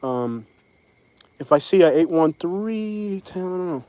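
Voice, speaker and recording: A man's voice: high-pitched, expressive, unhurried, mellow, no room sound, low-quality recording. A middle-aged man with a Boston accent, chatting bluntly and ramblingly to his livestream viewers. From from Boston area. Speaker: livestream host. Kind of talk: casual livestream chat.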